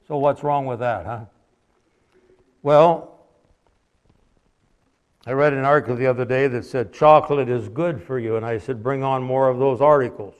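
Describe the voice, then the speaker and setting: A man preaches an evening sermon in a friendly, conversational way. He tells homely stories and lets his points trail off softly. His voice sits at an ordinary middle pitch for a man. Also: moderate pace, pauses often, smooth, lo-fi sound. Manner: folksy, conversational preaching with anecdotes. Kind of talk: sermon with storytelling.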